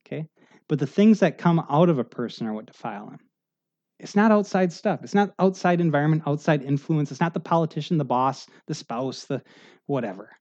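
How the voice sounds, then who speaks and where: A man preaching a conversational sermon, rambling and animated, full of asides and restarts. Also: on the high side, brisk. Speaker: pastor. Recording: muffled lo-fi recording.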